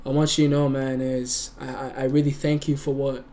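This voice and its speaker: A man's voice: medium pitch, little pitch movement, fairly quick, dark tone. A young man streaming live, talking earnestly and emotionally, often stumbling over and repeating his words. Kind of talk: casual livestream chat.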